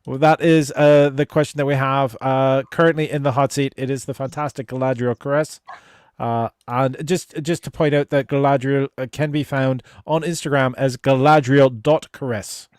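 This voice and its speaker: A man's voice: mid-range voice, steady tone, moderate pace, clear, resonant tone, no echo, studio quality. A man hosting a relationship advice livestream, chatting casually with viewers and guests, stumbling over restarts and swearing freely. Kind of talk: casual livestream chat reading viewer comments.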